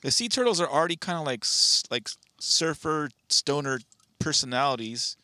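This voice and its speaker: A man's voice: a little high, lively intonation, moderate pace, bright, forceful tone, no echo, clean studio sound. A man co-hosting a podcast in casual chat, laid-back and hesitant, trailing into fillers. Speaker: podcast co-host.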